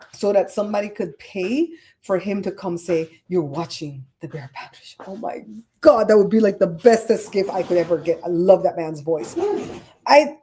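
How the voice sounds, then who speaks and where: Caribbean-accented woman host, animated casual chat, warm mellow tone. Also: mid-range voice, slight background noise. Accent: Caribbean English. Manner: chatty, animated storyteller, fussy about grammar. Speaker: podcast host. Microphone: streaming setup microphone.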